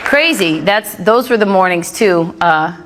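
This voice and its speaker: A middle-aged woman performs stand-up on a club stage, her medium-pitched voice lively in intonation and a little slow. She tells punchy, brash stories and works the crowd, jokes landing to loud laughter in a very noisy live recording.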